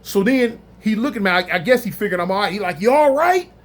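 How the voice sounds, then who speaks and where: A man telling a story in a casual, animated, slangy way, acting out other people's voices. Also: sits high, fast. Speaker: storyteller recounting prison life.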